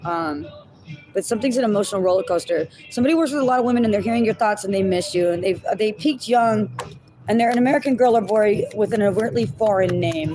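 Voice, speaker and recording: A woman's voice: fairly high pitch, noisy background. A woman giving a casual tarot reading to her viewers, chatty, thinking aloud and laughing at herself as she goes. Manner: addresses viewers as y'all and my loves. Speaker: tarot reader.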